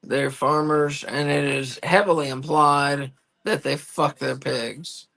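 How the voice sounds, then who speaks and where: A gravelly-voiced man co-hosting a wrestling watch-along. He talks bluntly and drops crude wisecracks about the matches. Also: fairly high pitch, fairly even intonation, takes it slowly, pushed and bright. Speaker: co-host. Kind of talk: casual chat.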